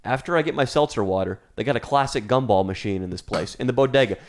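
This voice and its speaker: A young adult man co-hosting a comedy podcast, telling crude stories in a deadpan, profane way. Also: medium pitch, quick pace. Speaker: podcast co-host.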